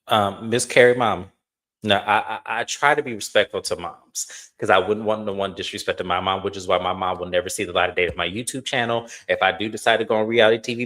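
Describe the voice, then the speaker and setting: Bright-voiced man recapping reality TV. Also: lowish voice. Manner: animated, gossipy storytelling; acts out quoted cast members in a raised voice. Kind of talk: casual recap commentary.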